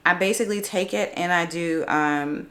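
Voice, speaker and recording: A woman's voice: on the low side, normal speed, a bit bright. A woman talking casually in a vlog about learning a language, sounding out words as she goes. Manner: chatty, self-narrating, sounding out words aloud. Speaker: vlogger learning French.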